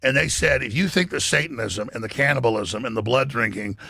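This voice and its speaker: A man behind a talk radio microphone, his voice gravelly and rough around the edges. He drives his political commentary hard, swearing freely and tripping over restarts, all recorded dry with no room sound. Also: medium pitch, brisk, bright, forceful tone, no echo. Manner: emphatic, profane, stumbling restarts.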